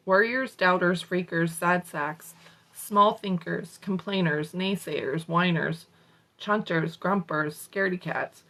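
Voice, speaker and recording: A woman's voice: lowish voice, fairly even intonation, unhurried, fairly bright tone, poor audio. A woman hosting a morning motivation show, reading a self-help book aloud with casual, salty asides. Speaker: motivational host.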